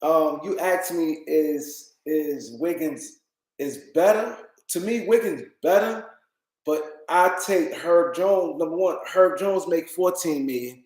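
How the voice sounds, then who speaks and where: A man's voice: on the high side, slow pace, darkish tone, echoey room, rough recording. A tired man hosting a casual livestream, rambling and repeating himself as he talks to his chat. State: tired, yawning. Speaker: livestream host.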